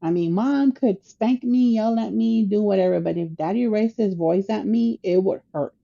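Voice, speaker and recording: A woman casually telling family stories on a podcast, animated and acting out the people she quotes, with Spanish words mixed in. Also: mid-range voice, moderate pace, gravelly, dull audio. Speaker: podcast co-host sharing family memories. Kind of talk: casual storytelling.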